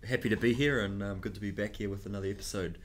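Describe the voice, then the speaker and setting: A man's voice: on the low side, steady tone, fast, slight background noise. A man with a New Zealand accent co-hosting a podcast, teasing and full of banter. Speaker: podcast co-host. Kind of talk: casual podcast chat.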